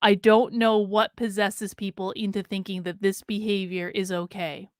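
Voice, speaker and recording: A woman's voice: mid-range voice, level tone, moderate pace, dry recording, studio quality. A woman commenting on a video she is watching, talking straight to her audience in a blunt, exasperated way. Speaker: commentator reacting to a documentary. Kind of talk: casual reaction commentary.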